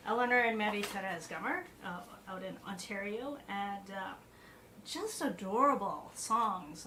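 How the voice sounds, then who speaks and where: A woman's voice: medium pitch, fairly bright tone. A woman, a piano teacher talking casually through a practice session, thinking aloud with fillers and asides. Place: home practice room with piano. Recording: roomy practice room, faint background noise.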